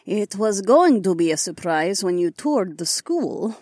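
A man's voice: sits high, very animated, a little slow, a little mellow, dry recording, studio quality, voice pushed up, exaggerated voice. A man voicing a proud, playful adult female dragon in an audiobook, with a teasing, offhand manner. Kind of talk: audiobook narration.

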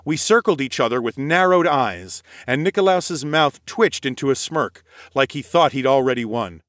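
A man giving expressive, scripted first-person narration of a story. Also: mid-range voice, moderate pace, no room sound, clean studio sound. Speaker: audiobook narrator.

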